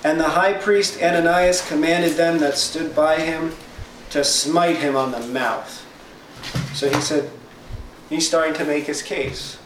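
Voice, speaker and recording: A man's voice: a little high, a little slow. A man teaching a casual Bible study, reading verses aloud and then paraphrasing them in plain, chatty terms. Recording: roomy echo, distant mic, faint noise.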